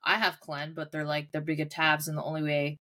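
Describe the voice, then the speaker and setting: A woman's voice: sits low, completely flat delivery, brisk, pushed and bright, slight background noise. A woman co-hosting a podcast, telling a story in casual chat and laughing often as she talks. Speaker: podcast co-host.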